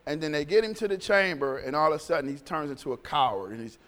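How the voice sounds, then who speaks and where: A man's voice: a little high, expressive, fast, fairly bright tone, big-room sound. A male pastor preaching a sermon in a conversational, storytelling way, often repeating phrases.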